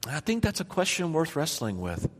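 A man's voice: a little high, huge pitch swings, normal speed, in a large hall. A man preaching a sermon in a church. He tells homely stories, pokes fun at himself and keeps asking the room questions. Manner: conversational, self-deprecating storytelling with rhetorical questions. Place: church sanctuary.

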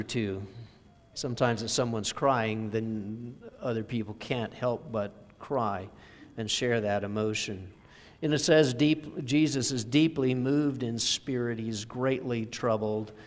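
Slow-speaking preacher in a reverberant church. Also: male voice, medium pitch. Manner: slow, measured storytelling with scripture reading. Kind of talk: sermon. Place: church sanctuary.

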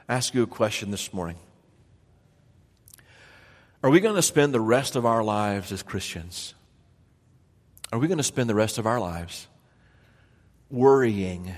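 A man's voice: lowish voice, big-room sound. A man preaching a sermon in a church. He tells homely stories, pokes fun at himself and keeps asking the room questions. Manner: conversational, self-deprecating storytelling with rhetorical questions. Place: church sanctuary.

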